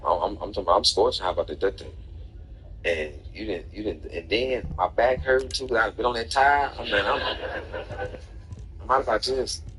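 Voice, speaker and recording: A man streaming gameplay, telling a personal story in an animated, profane way with bursts of laughter. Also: lowish voice, moderate pace, soft background music, rough recording. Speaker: gaming streamer. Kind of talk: casual storytelling over gameplay.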